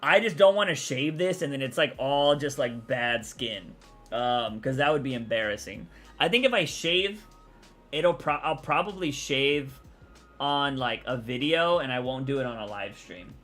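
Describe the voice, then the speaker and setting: A man's voice: medium pitch, normal speed, a bit bright, soft background music. A man from Texas, rambling casually as he answers chat on his live stream. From Texas, USA.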